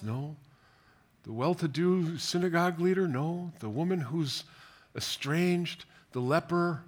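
On the high side and slow-paced, this man's sermon alternates soft whispers and gentle tenderness with lively, emphatic questions as he reads scripture aloud and comments on it.

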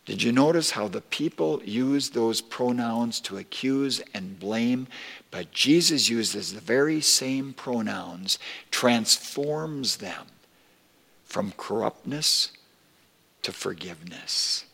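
A man preaching a sermon as pastor, slow and deliberate, rising with emphasis when quoting scripture. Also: medium pitch, lively intonation, gravelly, a bit bright, slightly rough, big-room sound. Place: church sanctuary.

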